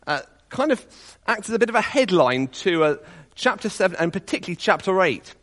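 A man preaching a sermon to his congregation, reading scripture aloud and dropping to quiet, intimate appeals. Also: high voice, big pitch swings, fairly quick.

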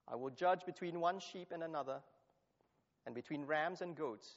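A man's voice: fairly high pitch, normal speed, long pauses. Preacher man in an echoing hall. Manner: emphatic, repeats key phrases for stress. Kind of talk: sermon with scripture reading. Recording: long hall reverb, dull lo-fi sound.

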